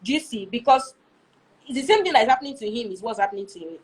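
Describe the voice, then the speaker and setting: A young woman speaks high in her range with a soft, husky edge. She talks in an earnest, conversational teaching style. She keeps pausing to ask her listeners whether they follow. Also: lively intonation, poor audio. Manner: earnest, keeps asking "do you see?". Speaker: guest speaker on marriage.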